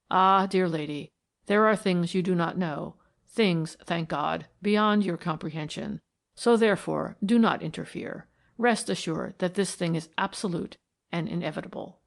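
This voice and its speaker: A woman's voice: lowish voice, vocal fry. A woman voicing a solemn, menacing male mystic, the last of his tribe, who speaks in a grave, prophetic manner.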